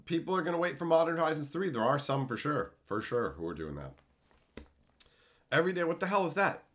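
A man in his thirties from Canada, ranting crudely on a live stream, swearing freely and bragging, swinging from loud outbursts to mumbles. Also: on the high side, very animated, fast talker.

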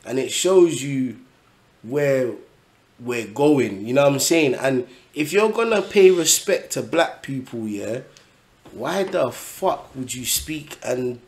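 A man's voice: medium pitch, lively intonation, takes it slowly, a little mellow. A man giving blunt, profane, exasperated reaction commentary on a video.

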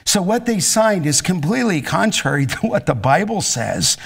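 A man's voice: sits high, big pitch swings, moderate pace, gravelly, breathy edge. A middle-aged man preaching to students and taking their questions, in an intense, emphatic way. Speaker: pastor.

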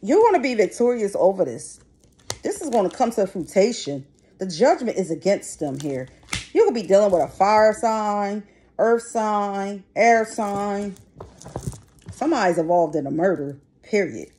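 A woman's voice: mid-range voice, sing-song, unhurried, mellow. Blunt, profane woman reading tarot. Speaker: tarot reader. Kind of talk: casual tarot reading to viewers. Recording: noisy background.

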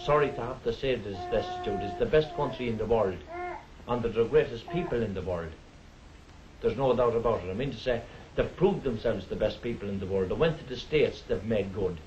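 A man's voice: on the low side, animated, fairly quick, lo-fi sound, a little hiss or hum. An Irish man speaking to camera, earnest and emphatic, repeating his points with conviction. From Ireland. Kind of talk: impassioned speech to camera.

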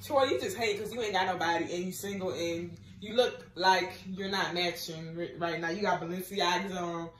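Young woman vlog host; animated, slangy, teasing delivery straight to camera. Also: on the low side, normal speed, hardly any pauses, slight background noise. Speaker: vlogger host. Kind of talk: casual chat to camera.

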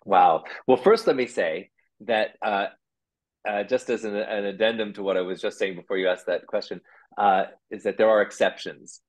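A man's voice: fairly low pitch, normal speed. A man talking as a guest in a casual interview, reflective and rambling, with lots of restarts. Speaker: guest puppeteer.

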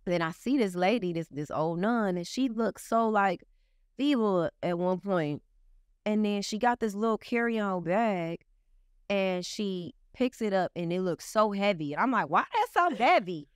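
Young woman, animated storyteller, profane, smooth clear voice. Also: a little slow, dry recording, studio quality. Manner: animated, profane, swings into high excited outbursts. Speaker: guest artist. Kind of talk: casual storytelling in an interview.

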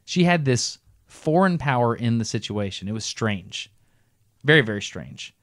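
A middle-aged man co-hosting a podcast, telling a long story in a casual, animated way and breaking into laughs as he goes. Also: mid-range voice, moderate pace, dry recording, clean studio sound. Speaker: podcast co-host.

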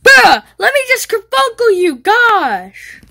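A woman's voice: very high-pitched, sing-song, takes it slowly, vocal fry, very noisy. A woman giving goofy, teasing gameplay commentary, yelping and squealing when she gets hit. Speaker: gaming video creator.

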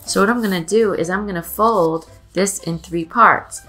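A woman reading a story aloud to children and then showing a craft, gentle, clear and patient. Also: mid-range voice, moderate pace, faint music behind. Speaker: museum storyteller and craft presenter.

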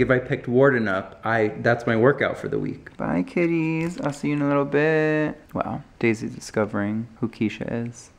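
A man's voice: medium pitch, gravelly. Chatty man vlogging with music behind. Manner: chatty, joking, rambling asides. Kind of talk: casual vlog chat. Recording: background music over voice.

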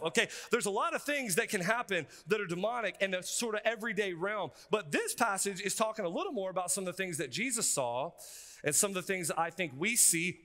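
A male pastor, preaching a sermon in an energetic, conversational way with frequent asides. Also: sits high. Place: seminary chapel. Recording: reverberant hall.

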